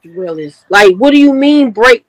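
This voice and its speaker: A woman chatting casually in an online group talk, expressive and teasing. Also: a little high, a little slow, a crowd in the background, low-quality recording.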